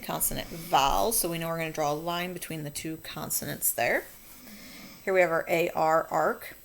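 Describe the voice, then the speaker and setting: A woman's voice: on the low side, a little hiss or hum. A woman teacher talking students through a phonics coding lesson, patient and encouraging.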